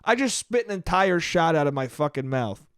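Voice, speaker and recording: A man hosts a solo podcast and tells a comic story with plenty of swearing. His voice sits a little high, and he is quick to make fun of himself. The recording is dry and close, with no room echo. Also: smooth. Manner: profane, animated, self-mocking. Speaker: podcast host. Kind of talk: solo comedic storytelling monologue.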